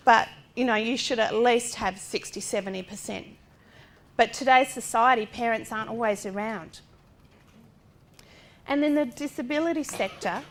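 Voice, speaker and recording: A fairly high-voiced middle-aged woman speaks to a class as the parent of a disabled child. She is blunt and lively, asks pointed rhetorical questions and slips into the voices of the people she describes. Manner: direct and forthright, with rhetorical questions; animated, acting out other people's lines. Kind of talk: lecture talk drawn from personal experience.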